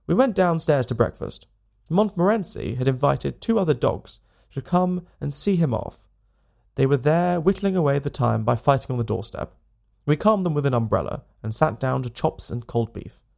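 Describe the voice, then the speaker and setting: A man reading a classic novel aloud as a bedtime story host, with calm, expressive narration. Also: medium pitch, normal speed, vocal fry. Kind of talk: audiobook narration.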